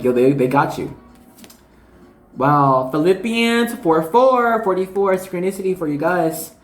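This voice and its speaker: A tarot card reader in a casual, chatty reading to camera, excitable and slangy, now and then quoting scripture. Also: mid-range voice. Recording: echoey room with faint music.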